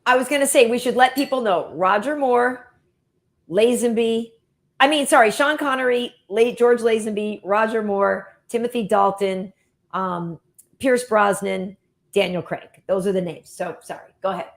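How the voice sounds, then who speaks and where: Chatty, upbeat woman hosting. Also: fairly high pitch. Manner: chatty and enthusiastic, quick asides. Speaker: host. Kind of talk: casual chat show.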